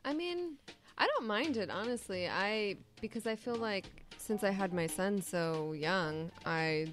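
A woman's voice: medium pitch, lively intonation, unhurried. A woman, a podcast guest chatting casually and hesitantly with many fillers.

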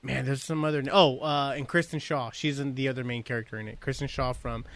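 A man in casual conversation, telling a rambling, animated story with many restarts. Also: mid-range voice, a little fast, no echo. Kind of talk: casual chat.

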